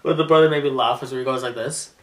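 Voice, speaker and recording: A man's voice: medium pitch, steady tone, quick pace, distant mic. A man casually recapping a wrestling show on his vlog, rambling with lots of laughter and restarts. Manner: rambling, laughs often, many fillers and restarts. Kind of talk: casual chat. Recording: roomy echo, set back from mic.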